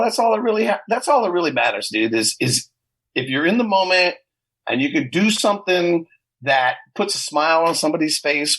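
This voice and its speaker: A middle-aged man talks through his stories in a husky, slightly high voice. He swears freely and keeps the chat loose and animated, the way a guest talks with friends. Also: low-quality recording. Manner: profane, animated storytelling. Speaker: guest guitarist. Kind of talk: casual interview chat.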